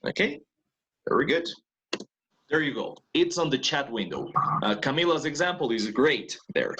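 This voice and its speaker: With a mid-range, fairly bright voice, a man delivers an online English lesson in an animated, fairly quick way. He alternates Spanish and English, walks through things patiently step by step, and keeps checking whether his students follow.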